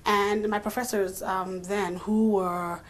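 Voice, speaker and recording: A young adult woman chatting as an interview guest, lively and expressive, restarting sentences and laughing easily. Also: mid-range voice, slow pace. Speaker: interview guest, actress and voice artist. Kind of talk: casual interview chat.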